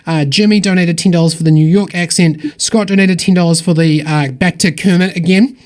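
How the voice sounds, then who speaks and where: A man hosting a charity tabletop stream, reading out donor shout-outs in an upbeat, rambling, thankful way. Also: high voice, fairly even intonation, a little fast. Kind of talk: casual livestream donation shout-outs.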